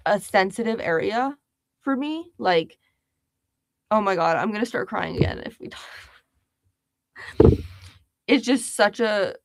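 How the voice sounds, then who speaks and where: A woman's voice: mid-range voice, no echo. A young woman hosting a casual livestream, chatty and giggly, reading viewers' comments aloud. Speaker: livestream host.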